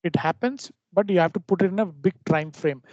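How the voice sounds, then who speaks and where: A man teaching a trading lesson over a screen share, explaining in a halting way with frequent restarts. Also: high voice, a little mellow, no echo. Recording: dull lo-fi dry recording.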